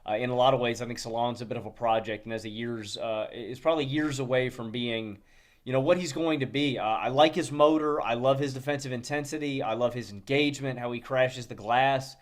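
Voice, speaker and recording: A man co-hosting a podcast, chatting casually in a relaxed way with frequent filler sounds. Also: mid-range voice, fairly quick. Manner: relaxed, many "uh" fillers and restarts, chuckles. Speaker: podcast co-host. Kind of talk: casual chat.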